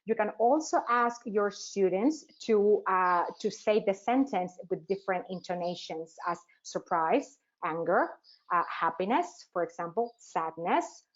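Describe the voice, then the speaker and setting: A woman teacher trainer presenting a webinar, asking rhetorical questions and pausing often with "uh" fillers. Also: mid-range voice, animated. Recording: dull, lo-fi webinar audio.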